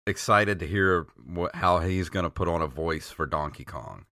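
Bright-voiced man in casual chat. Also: sits low, normal speed, no echo, studio quality. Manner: hesitant, laughs easily, mimics voices. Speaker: podcast co-host.

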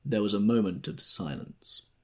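A man's voice: lowish voice, expressive, normal speed, a little mellow, husky. A man reading an audiobook aloud in a wry, reflective storytelling manner. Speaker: audiobook narrator. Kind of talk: scripted audiobook narration.

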